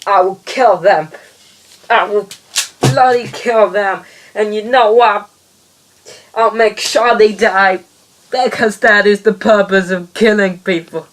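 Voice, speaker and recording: Brief: a man doing a pompous, shouty helpline chief, pitched up high, menacing and muddled. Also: fairly even intonation, slow pace, long pauses. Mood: menacing boast. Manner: loud, boastful, tripping over his own catchphrase. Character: blustering male leader of a helpline team.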